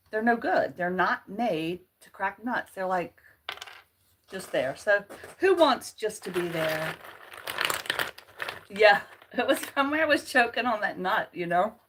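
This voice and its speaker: A woman hosts a relaxed livestream in a chatty, playful way and is quick to find her own jokes funny. Her voice sits at an ordinary middle pitch. A faint hiss of noise runs under it. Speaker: channel host. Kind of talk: casual livestream chat.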